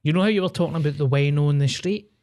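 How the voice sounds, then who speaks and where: Young Glaswegian guy, mellow warm tone, rambling podcast storyteller. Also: on the high side, racing. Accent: Glaswegian Scottish. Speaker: podcast co-host. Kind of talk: casual chat.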